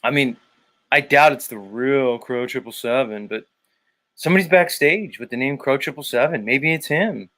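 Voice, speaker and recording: A man's voice: mid-range voice, normal speed, a bit bright. A man hosting a livestream, casual and jokey, swearing freely. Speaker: livestream host.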